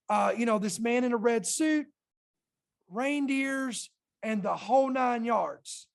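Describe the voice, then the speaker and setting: A woman hosting a Christian podcast, talking earnestly and reading her notes slowly, with emphatic stresses. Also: a little high. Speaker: podcast host. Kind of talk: Christian podcast commentary, partly read aloud. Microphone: podcast microphone.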